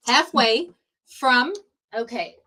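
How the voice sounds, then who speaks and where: A woman's voice: on the high side, animated, takes it slowly, sharp tone, a little hiss or hum. A woman organizing a live prize drawing, counting entries and announcing the prizes. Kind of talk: casual live-stream chat.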